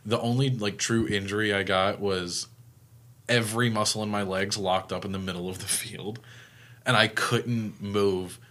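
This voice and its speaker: A man's voice: on the low side, steady tone, fairly bright tone. A young man co-hosting a casual podcast chat, laughing easily and speeding up as he explains. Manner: laughs easily, talks fast when explaining. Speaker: podcast co-host.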